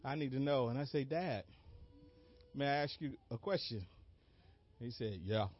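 A man preaching a sermon as an animated story, acting out moments with sudden shouted cries and laughing along. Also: mid-range voice, moderate pace. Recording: dull lo-fi dry recording.

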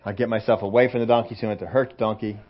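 A man voicing a resigned man of God who speaks in a flat, matter-of-fact way. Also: on the low side, racing, voice pushed down, close to an everyday voice. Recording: dull lo-fi sermon recording.

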